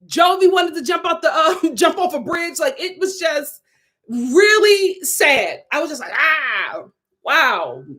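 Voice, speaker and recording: A woman's voice: very high voice, unhurried. A woman, casually and expressively reviewing a reality TV episode. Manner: animated, expressive, breaks into laughter and quoted voices.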